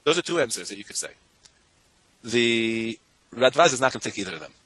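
Speaking in rapid, animated bursts, a man leads students through a Talmud lesson, intoning the Hebrew and Aramaic passages in a lilting chant. His pitch is medium, there's no echo, and the audio quality is poor.

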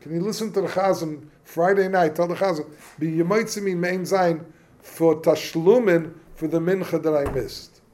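A man gives an informal Torah class, peppered with Hebrew and Yiddish terms. His voice sits a little high. He asks questions and works through the points in a loose, chatty way. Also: normal speed, darkish tone, a little hiss or hum. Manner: casual, questioning, yeshivish phrasing mixed with English. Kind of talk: informal Talmudic lesson.

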